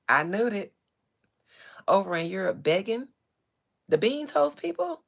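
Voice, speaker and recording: A woman rants on a live stream with a blunt, sassy, profane delivery full of slang. Her voice is gravelly, with lots of vocal fry, at a middling pitch. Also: very animated, unhurried. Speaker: livestream host.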